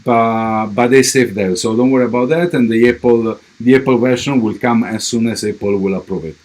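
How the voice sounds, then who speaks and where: A man's voice: on the low side, steady tone, normal speed, a little mellow. A man with a strong Italian accent, a crypto project representative giving a livestream update and answering viewer questions, with many fillers and restarts.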